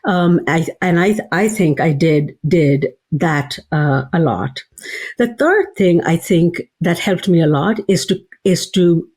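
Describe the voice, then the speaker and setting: A woman's voice: deep voice, a little mellow, breathy edge. A woman, a psychology professor and author, giving thoughtful interview answers with frequent fillers and restarts.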